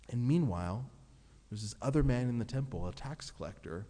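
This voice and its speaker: Mellow-voiced pastor in echoing hall. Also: male voice, mid-range voice, moderate pace. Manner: earnest, expressive, acts out prayers in his own voice. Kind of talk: sermon.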